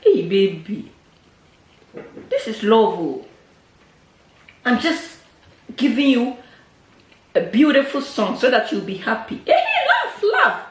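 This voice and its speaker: A woman's voice: on the high side, expressive, slow pace, pauses often, a little mellow, roomy sound. A woman with a West African accent, chatting playfully and teasing her husband in a casual vlog. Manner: teasing, playful, repeats herself. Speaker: vlogger. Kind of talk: casual prank vlog chat.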